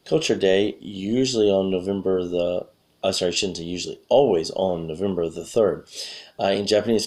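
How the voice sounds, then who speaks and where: A deep-voiced man gives a relaxed spoken English lesson. His voice is slightly hoarse, and he clears his throat now and then. He rambles along and often corrects himself mid-sentence. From USA. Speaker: English teacher. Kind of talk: casual spoken lesson for learners.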